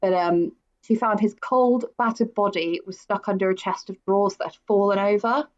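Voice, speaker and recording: A chatty woman co-hosting a true crime podcast, loose and conversational. Her pitch is middling, and the sound is a little dull and lo-fi. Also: steady tone, moderate pace. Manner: chatty, with frequent fillers and laughs. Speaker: podcast co-host.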